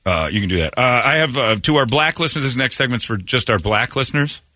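Male morning radio host, bright, animated, joking, in a dry studio. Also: mid-range voice, quick pace, no room sound. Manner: loose, joking, rambling. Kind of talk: casual morning radio banter.

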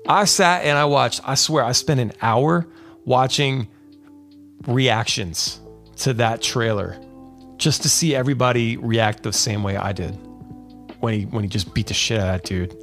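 A laid-back male podcast host chats loosely on a live stream, his mid-pitched voice carrying a steady gravelly fry. He rambles along with plenty of fillers and "dude", and soft music hums faintly underneath. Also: moderate pace. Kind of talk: casual live-stream chat.

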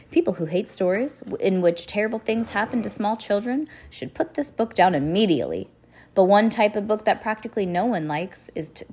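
A woman reading a novel aloud, expressive, with occasional slips and restarts. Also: medium pitch, husky. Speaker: reader.

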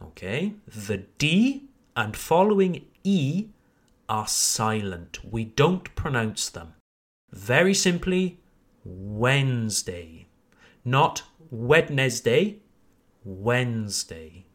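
A man hosting a podcast pronunciation lesson, modelling words slowly and with emphasis, and addressing listeners as ladies and gentlemen. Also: medium pitch, sing-song. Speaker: English pronunciation teacher, podcast host.

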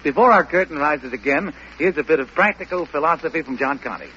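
A man announcing the act break of a radio play in a smooth, formal manner, on an old broadcast. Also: fairly high pitch, expressive, a little fast, dull audio. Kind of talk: scripted radio narration. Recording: noisy old radio broadcast with loud crowd.

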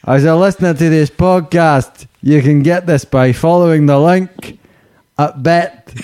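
A man putting on a hammy Liverpool voice reads an ad in a sing-song, stretched-out lilt. The pitch sits well above an ordinary speaking voice, and each phrase is drawn out slowly. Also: mellow, clear, resonant tone, close to an everyday voice. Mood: mock salesy. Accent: Liverpool (put on). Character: exaggerated Scouse man reading an ad. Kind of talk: mock ad read.

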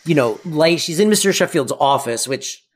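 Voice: medium pitch, expressive, normal speed, husky. A podcast co-host casually recapping a sitcom episode, playful and prone to silly theories.

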